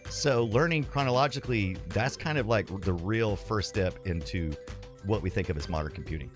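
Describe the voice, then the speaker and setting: A man's voice: on the low side, normal speed, music in the background. A man hosting a casual livestream, chatting with viewers, laughing often and reading their comments aloud. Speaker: livestream host.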